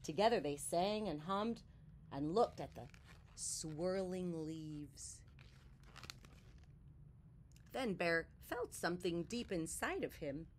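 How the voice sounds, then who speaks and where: Woman, children's storyteller, slow, lively reading voice, soft asides. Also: on the low side, a little hiss or hum. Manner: animated, slow and expressive, drops to soft whispers. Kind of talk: read-aloud storytelling for children.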